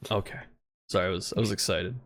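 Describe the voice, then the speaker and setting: A man as a guest in a casual video game discussion, relaxed and laughing easily as he talks. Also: sits low, quick pace. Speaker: guest content creator.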